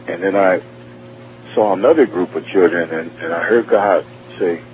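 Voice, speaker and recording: Heard on a tinny phone connection with a faint hum, this man recounts his near-death experience as a guest with emotional earnestness. His voice sits low at normal speed, and he often repeats and restarts his words.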